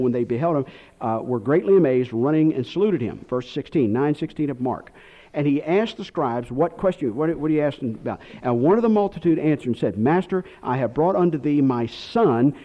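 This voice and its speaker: A man preaching a sermon, rambling off on tangents and then hammering his points hard. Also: medium pitch. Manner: rambling, digressive preaching with sudden emphatic outbursts. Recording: dull lo-fi recording.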